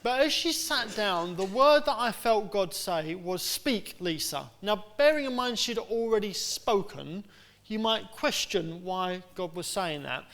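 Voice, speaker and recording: A man's voice: sits high, expressive, measured pace, fairly bright tone. A middle-aged man preaching a sermon as pastor, chatty and anecdotal with plenty of fillers and restarts.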